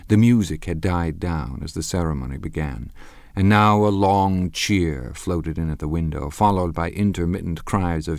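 Deep-voiced man narrating an audiobook. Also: normal speed, gravelly, darkish tone, no echo. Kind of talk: scripted narration. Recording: dry close studio sound.

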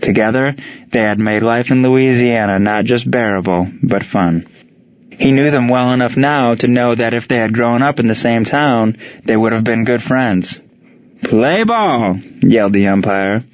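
A man reading a story aloud as narrator, in steady storytelling narration. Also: mid-range voice, moderate pace, no echo, lo-fi sound. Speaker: audiobook narrator. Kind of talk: scripted narration.

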